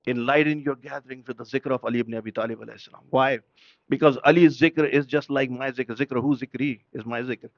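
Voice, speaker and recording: Fast-talking man delivering an impassioned sermon. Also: mid-range voice, steady tone, no room sound, highs cut off. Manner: rhetorical questions, switches between English and Urdu. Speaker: preacher at a mourning gathering.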